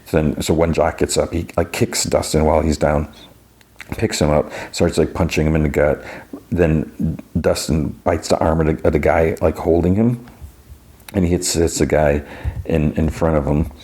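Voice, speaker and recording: A man's voice: a bass voice, fairly even intonation, moderate pace, dark tone. A man hosting a podcast, casually retelling a show's episode with many fillers and restarts. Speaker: podcast host.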